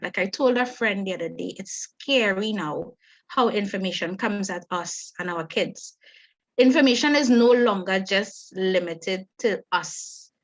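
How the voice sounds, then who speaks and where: A middle-aged Trinidadian woman leads a parenting webinar over a video call, talking fast and conversationally. Her voice sits at a middling pitch. The audio is dull and lo-fi. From Trinidad and Tobago. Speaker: webinar facilitator.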